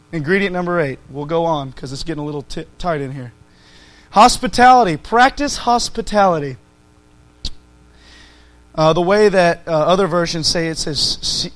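High-voiced man preaching a sermon. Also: a bit bright, rough recording. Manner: conversational, rising to emphatic peaks.

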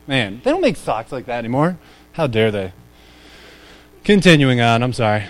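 Around thirty, this man gives a casual, chatty sermon to a youth group in a brisk, very animated mid-range voice. He's easily sidetracked and self-deprecating, and he often asks the room questions.

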